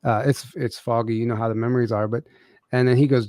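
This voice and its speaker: A man's voice: mid-range voice, steady tone, fast talker, darkish tone, dry recording, studio quality. A man telling a personal story as a podcast guest, casually, with many fillers and restarts.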